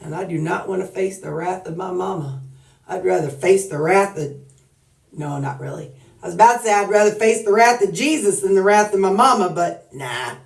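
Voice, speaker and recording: A folksy woman with a Southern drawl, talking in a low-pitched voice. She jokes and rambles casually to her phone camera. The sound is roomy and picked up from a few feet away. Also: expressive, normal speed, creaky, far from the mic. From Missouri. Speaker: weight-loss vlogger.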